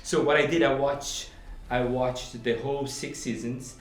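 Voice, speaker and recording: A man co-hosting a film podcast in casual chat, enthusiastic and halting, with many fillers. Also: mid-range voice, fairly even intonation. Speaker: podcast co-host, film reviewer. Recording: echoey room.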